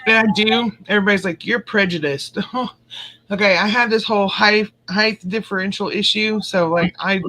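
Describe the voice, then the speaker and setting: A woman's voice: mid-range voice, fairly even intonation, normal speed, sharp tone, poor audio. A woman rambling through a story in casual chat, laughing often as she goes, with a drink in hand.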